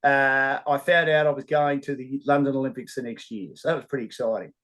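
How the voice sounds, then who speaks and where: A middle-aged Australian sports broadcaster, telling rambling, animated anecdotes in a casual interview. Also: male voice, mid-range voice, fairly quick, rough recording.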